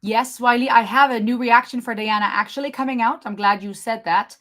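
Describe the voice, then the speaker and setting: A young adult woman with a slight German accent, hosting a live Q&A in an excitable, fast-talking, chatty way. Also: on the high side. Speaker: channel host doing a live Q&A. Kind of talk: casual live-stream chat.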